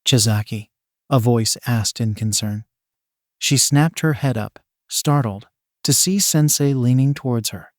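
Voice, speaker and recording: A man narrating a fan fiction story in a plain, even way. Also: medium pitch, a little slow, dry recording, clean studio sound.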